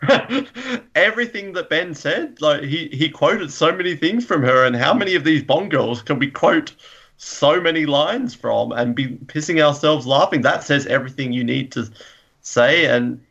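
A man's voice: fairly high pitch, moderate pace, gravelly, a bit bright, muffled recording. A man co-hosting a podcast, chatting casually and enthusiastically, often laughing. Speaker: podcast co-host. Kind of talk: casual chat.

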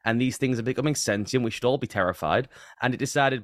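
A man's voice: medium pitch, fast talker, no room sound. A man co-hosting a casual podcast, reacting with dry, jokey comments. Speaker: podcast co-host.

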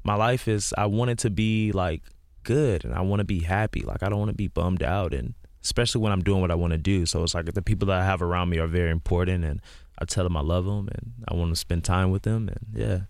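A man with a low voice talks earnestly and rambles a little, with a lot of "like", as a guest on a casual interview show. The sound is dry and close, with no room around it. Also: fairly even intonation, quick pace, vocal fry, dry recording. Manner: earnest, rambling, heavy use of "like". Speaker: guest musician.

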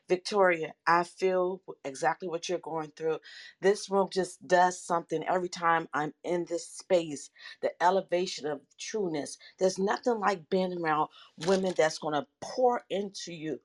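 A woman's voice: on the low side, normal speed. A woman in an online audio room giving earnest, affirming motivational remarks that ramble a bit. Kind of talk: motivational sharing.

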